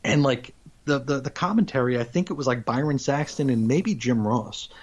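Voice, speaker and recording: In a laid-back podcast conversation, this male co-host wanders through his ideas with plenty of false starts. He speaks in a mid-range voice at a moderate pace.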